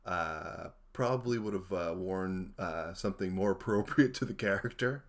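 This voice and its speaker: A man with a very low voice chats on a comedy show. He laughs often and talks haltingly, with plenty of fillers. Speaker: comedy performer. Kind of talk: casual comedic chat.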